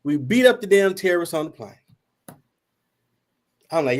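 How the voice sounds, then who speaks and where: Casting note: man, host type, lively storyteller with a wide swinging pitch, a bit high. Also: normal speed. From Detroit, USA. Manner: animated, profane, acts out quotes. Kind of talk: casual storytelling chat. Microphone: streamed video call.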